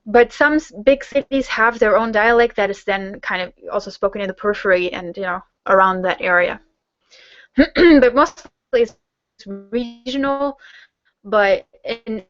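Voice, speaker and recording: A woman's voice: mid-range voice, no room sound, highs cut off. A young German woman answering viewer questions in a casual online hangout, rambling with lots of fillers as she reads questions aloud and answers them.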